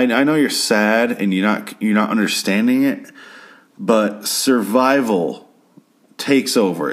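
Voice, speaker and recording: A man recapping and reviewing a TV episode in a casual, profane, sarcastic and rambling way. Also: low voice.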